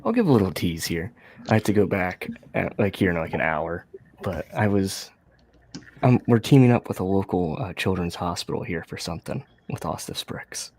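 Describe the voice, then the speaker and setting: Softly spoken man with a low voice. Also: animated, normal speed. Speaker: guest on stream. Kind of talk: casual chat.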